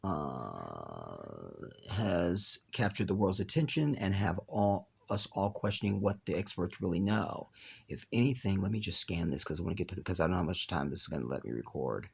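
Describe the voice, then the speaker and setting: A man's voice: sits low, very animated, normal speed, gravelly, husky. A man hosting his own channel, talking straight to viewers in a rambling monologue and reading text aloud while skipping parts. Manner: rambling, reads text aloud and skips with "blah, blah"; talks to viewers directly. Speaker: video channel host.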